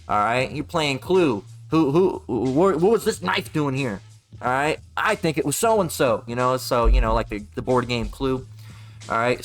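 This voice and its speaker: Guy doing a loose street-preacher rant, rambles, swears a lot, mocks people in silly voices, faint music behind. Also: on the high side. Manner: rambling, profane, mocking voices. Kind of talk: informal preaching monologue.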